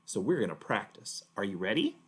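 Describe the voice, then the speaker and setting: A man's voice: fairly low pitch, very animated, a little fast. A man teaching a word to children with a puppet, patient and encouraging. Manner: patient, encouraging, clearly spoken. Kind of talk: speech lesson for children.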